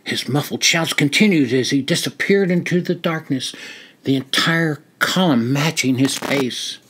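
An older man reading his own memoir aloud in a slow, deliberate storytelling manner. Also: a little high, fairly bright tone, breathy edge. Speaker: memoir narrator. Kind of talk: reading a personal war memoir.

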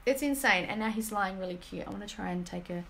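A woman in her thirties speaking to her phone camera at home, earnest and gushing, halting often with fillers. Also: mid-range voice, vocal fry, fairly bright tone, a little hiss or hum. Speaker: energy healing business team member. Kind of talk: emotional personal testimonial vlog. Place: home, indoors.

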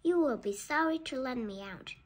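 A woman reading aloud as an evil male genie who shouts gloating threats. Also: high-pitched, lively intonation, moderate pace.

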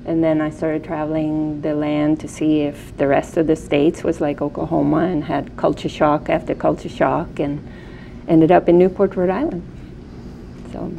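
A woman with a Swedish accent speaks in a low, gravelly voice, warm and mellow in tone. She tells her story as a guest in a casual interview, relaxed and reflective, with faint hiss behind her. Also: normal speed, low-quality recording. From Sweden. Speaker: guest artist.

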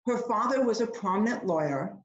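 A woman's voice: mid-range voice, expressive, a little fast. Woman host announcing speakers, roomy echo, slightly dull sound. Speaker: event host. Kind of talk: introducing speakers.

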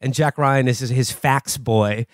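A man's voice: medium pitch, measured pace, no echo, clean studio sound. A man hosting a podcast, rambling through a casual TV recap, full of "like" and "you know". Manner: rambling, lots of "like" and "you know", laughs often. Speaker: podcast host.

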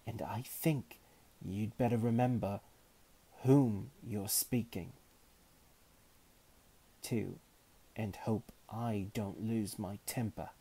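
A man reading aloud and voicing an imperious, scheming woman wizard who speaks with haughty calm. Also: medium pitch, measured pace, voice pushed up. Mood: menacing. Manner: haughty and calmly menacing.

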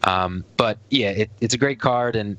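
A man's voice: on the low side, normal speed, a bit bright, no echo. A man with a New Jersey accent co-hosting a podcast, chatting casually and rambling with lots of filler words. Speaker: podcast co-host. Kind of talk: casual chat.

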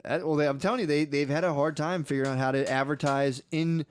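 A man's voice: a little high, steady tone, fast talker, clean tone, dry recording, clean studio sound. A man co-hosting a casual podcast, rambling and swearing and calling his co-host "dude.". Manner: rambling, profane, says "dude" a lot.

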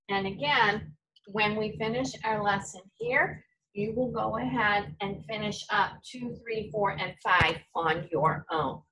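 Woman teacher, patient and unhurried, mid pitch, heard from a distance. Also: fairly bright tone. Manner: patient, slow, step-by-step explaining. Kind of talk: recorded reading lesson for children.

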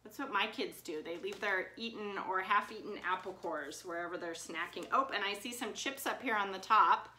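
A woman teaching an online class for young children at home, speaking in a gentle, sing-song teacher voice into a webcam. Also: medium pitch, normal speed, hardly any pauses, a little hiss or hum. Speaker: preschool teacher.

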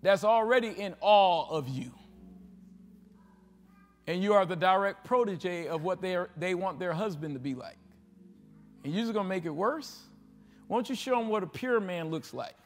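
A male pastor preaching a sermon to his congregation, with call-and-response questions, rising to loud exhortation and dropping to hushed asides. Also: high voice, expressive, moderate pace, pauses often, faint music behind. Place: church sanctuary with a congregation. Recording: livestream with long hall reverb.

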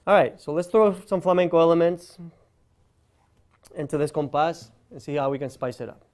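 A man's voice: fairly high pitch, moderate pace, darkish tone. A man giving a guitar lesson, explaining step by step and counting beats aloud over his own guitar playing. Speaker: guitar teacher.

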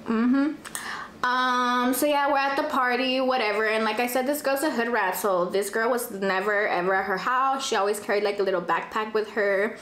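A young woman, telling a dramatic storytime in casual chat, profane and animated, dropping in Spanish phrases. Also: a little high, moderate pace. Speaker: vlogger. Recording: echoey room, faint ambience.

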